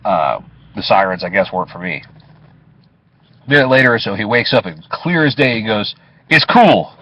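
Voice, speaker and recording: A man's voice: fairly low pitch, animated, a little fast, sharp tone. A man, a taxi driver, casually telling a story from inside his cab, swearing and chuckling as he goes. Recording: dull lo-fi recording.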